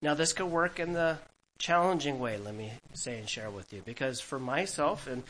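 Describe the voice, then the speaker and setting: This fifty-something pastor speaks at medium pitch and a moderate pace, teaching the Bible to his congregation in an animated, conversational way. He chuckles at his own stories from time to time, captured in a rough recording.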